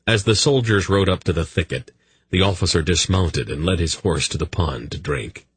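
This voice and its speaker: A man narrating an audiobook in a steady, measured way. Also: deep voice, slightly rough, dry recording. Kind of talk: scripted narration.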